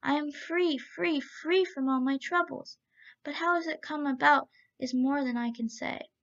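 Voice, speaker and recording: A woman voicing a spoiled, excitable young rich man who exclaims and laughs often. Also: high voice, normal speed. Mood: excited. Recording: dull lo-fi recording.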